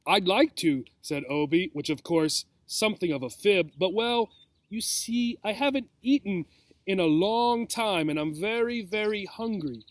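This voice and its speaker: A man's voice: sits high, no room sound. A man voicing a small, timid, nervous female gerbil in a storybook reading, speaking politely in a small voice.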